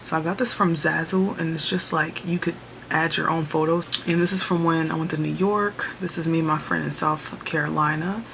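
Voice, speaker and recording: A woman's voice: low voice, fairly even intonation, normal speed, gravelly, a bit bright, a little hiss or hum. Chatty young woman vlogging from her room. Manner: chatty, upbeat, uses y'all. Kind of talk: casual vlog chat. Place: small bedroom home office. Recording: music playing underneath.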